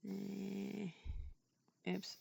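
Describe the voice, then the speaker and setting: A woman's voice: mid-range voice, completely flat delivery, extremely slow, vocal fry, warm tone, breathy edge, no room sound. A woman playing a tabletop game, hesitant and thinking aloud. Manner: hesitant, many fillers. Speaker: player.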